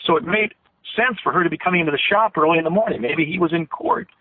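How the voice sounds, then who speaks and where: Over a tinny phone line, a man with a fairly high voice talks fast as a guest on a phone-in radio interview. He's earnest, telling a long, detailed story, and his voice catches with emotion.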